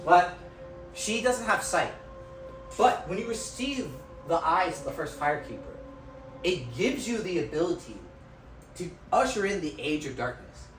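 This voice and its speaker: An excited young man gives a loose, swear-filled lecture, his pitch bouncing all over as he keeps checking in with "right?". He is caught on a phone from far back in an echoey room, with faint music underneath. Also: measured pace, pauses often. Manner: excited, swears constantly, tags lines with "right?". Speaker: student presenter. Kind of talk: informal lecture. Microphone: phone from afar.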